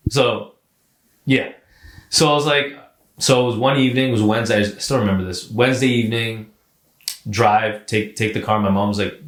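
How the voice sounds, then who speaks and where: A man co-hosting a podcast, telling a personal story in a casual, animated way, swearing and saying "like" often. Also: on the low side, brisk, echoey room. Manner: animated, profane, repeats words and says "like" often. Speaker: podcast co-host.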